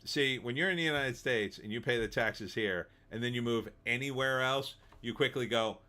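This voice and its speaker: Running a casual live stream, a middle-aged man ridicules chat messages in mocking voices, laughing often and dripping with sarcasm. He talks at a normal speed with a medium pitch and a sharp tone, barely pausing.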